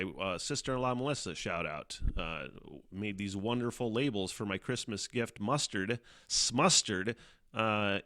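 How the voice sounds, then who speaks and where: A man's voice: on the low side, fairly bright tone, no echo, studio quality. A man hosting his own casual live-stream podcast, rambling and cursing freely, laughing at himself as he talks into a desk mic. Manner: profane, rambling, self-mocking, laughs often. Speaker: podcast host. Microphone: headphones on, desk mic.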